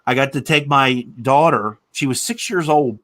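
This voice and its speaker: A man's voice: mid-range voice, moderate pace, a bit bright. A man in his thirties hosting a casual chat, telling rambling stories and swearing casually. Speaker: podcast host.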